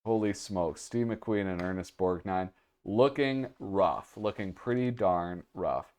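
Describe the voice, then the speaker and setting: A man's voice: low voice, slow pace, darkish tone. A sleepy man hosting a casual commentary, rambling and hesitant with lots of fillers. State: sleepy, yawning. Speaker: host.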